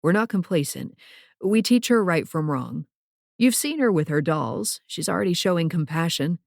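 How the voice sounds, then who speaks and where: A woman reading an audiobook, voicing a calm, steady father who speaks evenly and reassuringly. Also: lowish voice, moderate pace, vocal fry, no echo, clean studio sound. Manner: even and reassuring.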